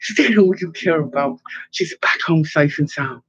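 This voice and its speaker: A woman's voice: low voice, moderate pace, slight background noise, close to an everyday voice. A man reading as a curt, no-nonsense woman. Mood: brisk. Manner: curt, dismissive. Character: brisk, no-nonsense protective woman. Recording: slightly dull, dry recording.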